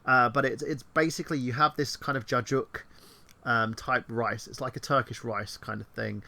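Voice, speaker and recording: A man co-hosting a casual online chat show, rambling excitedly and swearing freely. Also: mid-range voice, normal speed, creaky. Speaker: podcast co-host.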